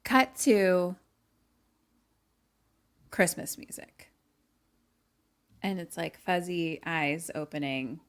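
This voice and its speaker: A woman co-hosting a podcast by remote call walks through a movie's story in a casual, animated way, performing the characters' lines and frequently laughing. She speaks very slowly in a fairly low voice, leaving long pauses.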